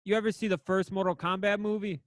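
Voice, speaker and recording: A man's voice: high voice, flat delivery, quick pace, no echo. A young man joking crudely in loose podcast banter with friends. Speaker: podcast co-host.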